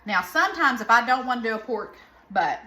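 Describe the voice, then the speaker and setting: Cooking in her echoey home kitchen, this home cooking host talks casually to her viewers in a Southern American accent, drifting into folksy tangents. Her voice sits a little high and comes across as animated, pushed, and bright, and she speaks fairly quickly.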